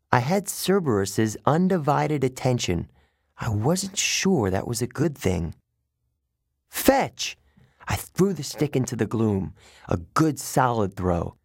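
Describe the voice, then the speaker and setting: Slow expressive male audiobook narrator. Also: mid-range voice, no room sound, clean studio sound. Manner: expressive, storytelling. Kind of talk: first-person audiobook narration.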